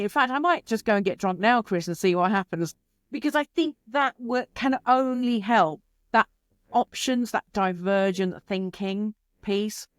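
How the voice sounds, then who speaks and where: A woman, a creativity expert answering interview questions in an animated, chatty way, with quick asides and playful quotes. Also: mid-range voice, no echo, studio quality.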